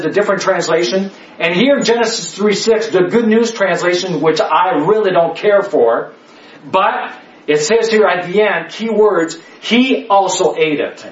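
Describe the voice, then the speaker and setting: A man leading a Bible study for a small group, talking emphatically, repeating key words and checking in with "okay?" all the time. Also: high voice. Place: indoor room with a listening group. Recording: echoey room, mic far off, dull lo-fi.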